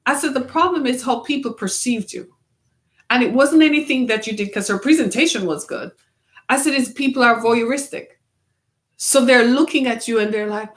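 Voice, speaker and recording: A woman's voice: high-pitched, normal speed. A middle-aged woman hosting a web series, giving an earnest, preacher-like motivational talk and asking the listener questions.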